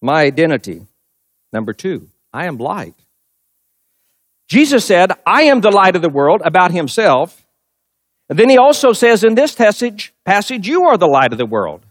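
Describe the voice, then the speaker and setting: A man's voice: high-pitched, very animated, normal speed, pauses often, no room sound, clean studio sound. A middle-aged male pastor preaching a sermon, telling a personal story and driving points home with emphatic repetition.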